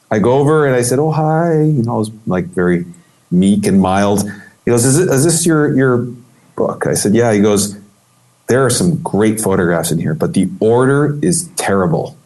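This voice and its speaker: A man telling a story in an interview as a guest, animated and acting out the voices he quotes, with many restarts. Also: lowish voice, normal speed. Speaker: guest photographer.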